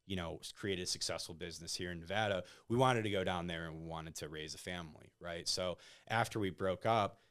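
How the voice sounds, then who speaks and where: A man's voice: sits low, a bit bright, smooth. A man, a podcast guest, telling personal stories in a casual conversational way, often tagging "like" and "right?" onto his sentences. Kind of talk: casual interview storytelling.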